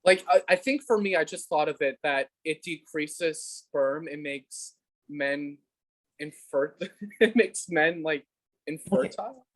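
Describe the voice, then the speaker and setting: A man's voice: fairly high pitch, slow. A man hosting a casual podcast interview, asking blunt questions with a joking manner. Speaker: podcast host.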